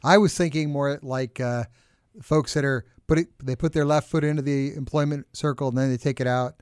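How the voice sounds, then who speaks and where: A man's voice: medium pitch, steady tone, fairly quick, clear, resonant tone, no room sound, studio quality. A man guesting on a radio show, running a teasing word game in an upbeat way. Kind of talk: casual radio show banter.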